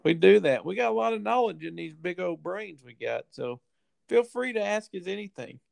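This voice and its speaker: A man's voice: high voice, animated, moderate pace, vocal fry, darkish tone, no echo. A man co-hosting a podcast in casual chat, laid-back and full of fillers and restarts. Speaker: podcast co-host.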